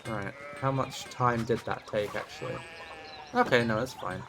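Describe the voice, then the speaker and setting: A man's voice: medium pitch, moderate pace, background noise. A young man streaming a game, commenting casually in a rambling, self-deprecating way. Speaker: gaming streamer. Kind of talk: casual let's-play commentary.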